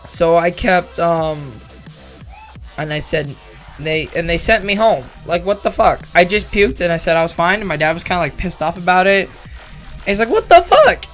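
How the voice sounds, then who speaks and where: A man's voice: on the high side, moderate pace, a bit bright, soft background music. A young man casually telling a rambling story about his school year, often correcting himself and swearing. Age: young adult. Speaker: vlogger.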